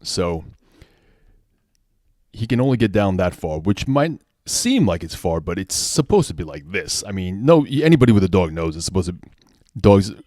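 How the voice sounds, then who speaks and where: Casual male toy reviewer, low voice, rambling and self-correcting, dry recording. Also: very animated, normal speed, darkish tone, no echo. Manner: rambling, restarts sentences, conversational asides.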